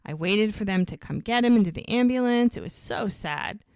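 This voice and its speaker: A woman's voice: medium pitch, lively intonation, a little fast, darkish tone, clean tone, no room sound, clean studio sound. A woman co-hosting a podcast, casually retelling scenes and acting out the dialogue. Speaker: podcast co-host recapping episodes. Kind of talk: casual chat.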